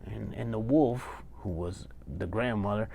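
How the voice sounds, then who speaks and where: A man telling a children's bedtime story as a puppeteer, animated and chatty, often repeating himself. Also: lowish voice, unhurried, creaky.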